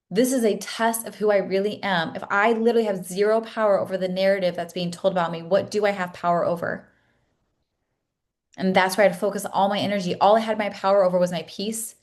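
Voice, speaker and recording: A woman in her thirties, a coach telling a personal story to her class, earnest and emotional, with many restarts. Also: medium pitch. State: tearful at times. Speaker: coach leading a masterclass.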